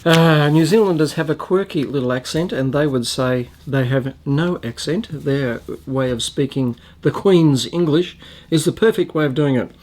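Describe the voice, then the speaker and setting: A man's voice: a little high, normal speed, darkish tone. A man with an Australian accent hosting a casual food taste-test vlog, chatty and rambling with frequent ums and restarts. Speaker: food reviewer and channel host.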